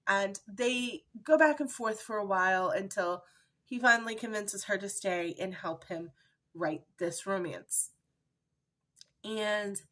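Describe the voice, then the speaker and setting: Casting: chatty female book vlogger, emotional, mid-pitched, at home. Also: fairly bright tone. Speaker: book reviewer. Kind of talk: casual book review vlog.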